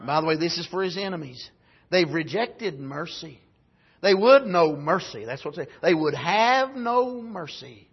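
A man preaching a sermon, swinging from shouted exclamations to low, quiet asides. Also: animated, a little slow, husky, dull audio.

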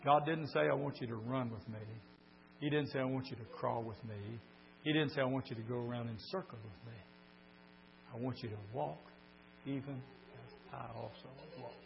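An older man preaching a sermon, telling folksy stories and swinging from quiet talk to shouts. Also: mid-range voice, fairly even intonation, normal speed, vocal fry. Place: church meeting. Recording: dull lo-fi recording with mains hum.

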